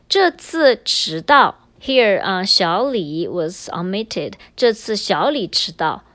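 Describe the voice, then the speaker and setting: Lively patient woman teaching grammar. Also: fairly high pitch, dry recording. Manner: patient, switches between English and Chinese. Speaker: language teacher. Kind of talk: explaining grammar in a recorded lesson.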